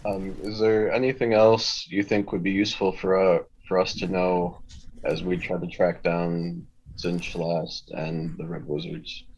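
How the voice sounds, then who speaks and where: A man's voice: sits low, level tone, a little slow, a little mellow, slightly rough, highs cut off. A man player in a tabletop game, speaking politely and hesitantly with many fillers. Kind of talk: casual tabletop game chat.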